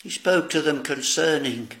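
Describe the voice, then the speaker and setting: Slow gravelly male preacher. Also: a little high, a bit bright. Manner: slow, solemn preaching with archaic scripture phrasing. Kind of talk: sermon.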